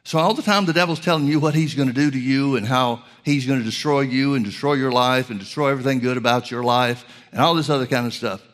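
A male preacher teaching from scripture, reading verses slowly with stress on key words and calling his listeners folks. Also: medium pitch, fairly bright tone. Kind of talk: Bible teaching sermon.

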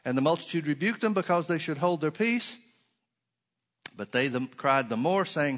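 Male preacher, slightly high voice, sermon delivery, emphatic scripture reading with quiet asides. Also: animated, moderate pace. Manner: reads scripture aloud, rising to emphatic stresses, drops to soft asides.

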